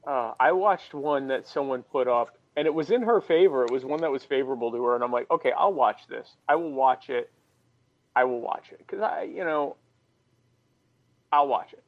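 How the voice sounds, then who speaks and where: A man co-hosting a casual political podcast, talking in a mocking way and pushing his voice high for effect. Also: normal speed, no room sound, lo-fi sound. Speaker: co-host.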